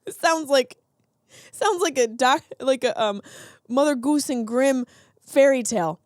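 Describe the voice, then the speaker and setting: A woman's voice: high voice, lively intonation, measured pace, no room sound, clean studio sound. A woman in her thirties hosting a comedic solo podcast, riffing sarcastically on news stories. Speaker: podcast host.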